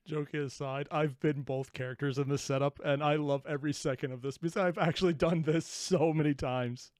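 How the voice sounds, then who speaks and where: A man's voice: fairly high pitch, fairly even intonation, moderate pace, darkish tone, dry recording, clean studio sound. A man hosting a reaction video, who laughs and rambles in casual commentary and pokes fun at himself. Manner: laughing, rambling, self-deprecating.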